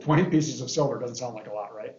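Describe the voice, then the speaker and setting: A man's voice: mid-range voice, quick pace, darkish tone, echoey room, muffled recording, slight background noise. A man, a pastor, leading a casual Bible study lesson, reading scripture aloud and breaking off for joking asides and questions to the group.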